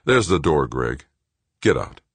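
A man's voice: rumbling low, sing-song, measured pace, slightly rough, no room sound, heavily acted. A male narrator voicing a middle-aged man who speaks through gritted teeth, clipped and commanding. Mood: angry.

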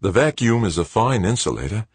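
A man's voice: fairly low pitch, very animated, a little fast, breathy edge, no room sound, voice pushed up. A man voicing a serious young male factory director with a slight Australian accent, explaining things in an earnest, matter-of-fact way. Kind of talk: audiobook character voice.

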